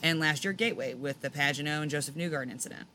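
Blunt, opinionated co-host with a bright voice; light background noise. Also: mid-range voice, very fast. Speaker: podcast co-host. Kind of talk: casual chat about motor racing.

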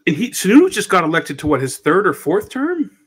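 Male podcast co-host, slightly high voice, casual political chat, rambling. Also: wildly swooping pitch, brisk, a bit bright, breathy edge. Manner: loose and rambling, with many restarts.

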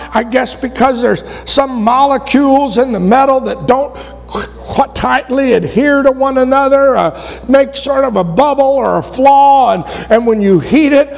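High-voiced preacher in an echoing hall. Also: male voice, gravelly. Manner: impassioned, builds to shouting then drops low. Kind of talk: sermon. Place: church. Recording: long reverb of a church hall.

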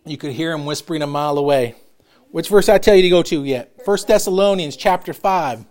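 A middle-aged man preaching a sermon as pastor, loud and emphatic, calling out to his congregation. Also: a little high, a little fast.

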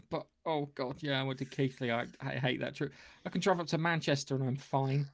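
A man's voice: medium pitch, a little fast, vocal fry. A man from England co-hosting a podcast, chatting casually with frequent swearing and jokes. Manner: swears freely, animated and joking. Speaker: podcast co-host. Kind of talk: casual chat.

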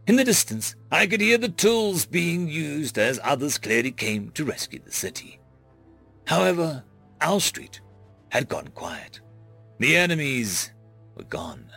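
A man narrates a story in a measured, expressive way. His voice is gravelly and rises and falls in lively pitch. Soft music plays underneath.

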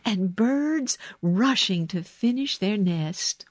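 An eager young girl bursts with breathless excitement, as a woman reading a storybook puts her on. Her voice sits well above the reader's own and the sound is dry and close. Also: medium pitch, slow, no echo, pitched above the performer's own voice. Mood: excited.

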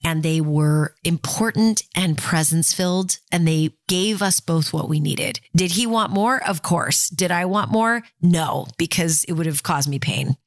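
A woman's voice: fairly low pitch, measured pace, hardly any pauses, no echo, clean studio sound. A woman in her fifties giving candid, conversational personal advice and talking straight to her listeners.

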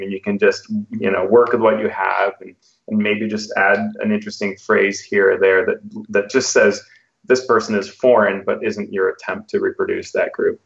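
A podcast host gives relaxed advice on running tabletop games. His voice sits low and has a gravelly fry. The sound is muffled and lo-fi. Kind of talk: podcast discussion. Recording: dull lo-fi sound.

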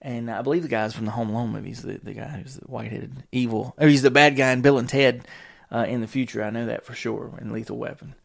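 This podcast host speaks fast with a medium-pitched, creaky voice, fairly even intonation and hardly any pauses. Alone on the mic, he hops between tangents in a rambling, casual way, swearing a lot and chuckling often.

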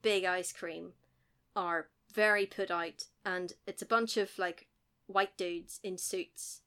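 A woman co-hosting a podcast, recapping a film in animated casual chat full of laughs and quick impressions. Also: on the low side, clean tone.

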